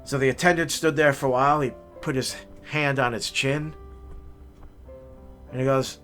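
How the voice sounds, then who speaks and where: As host of a hiking video, a man with a mid-range voice tells a heartwarming story at a moderate pace, with long pauses and faint music behind him. His telling is folksy and animated, and he repeats words.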